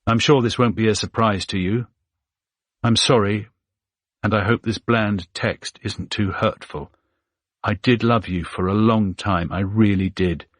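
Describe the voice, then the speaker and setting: A man's voice: on the low side, fairly even intonation, measured pace, no echo, studio quality. A man voicing a woman writing a sad, resigned farewell to her husband. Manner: subdued and resigned. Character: estranged wife, sad, resigned.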